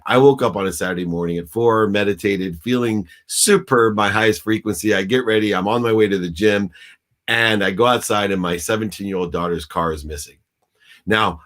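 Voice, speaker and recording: A man on a video call telling a personal story in an intense, preachy way, as a business coach guest. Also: fairly low pitch. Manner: intense, preachy, acts out shouting in quotes. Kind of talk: animated storytelling in a talk interview.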